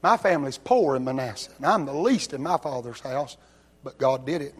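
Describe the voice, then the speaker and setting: A man preaching a sermon, telling Bible stories in a folksy way and rising to loud, shouted peaks. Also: mid-range voice, lively intonation, brisk, breathy edge. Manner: builds from quiet storytelling to loud shouting.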